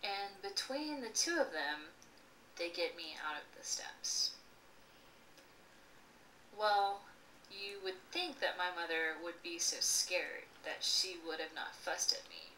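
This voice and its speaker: A woman slowly telling a personal childhood story with lively expression and occasional laughs. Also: on the low side. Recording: echoey room, voice from a distance, faint noise.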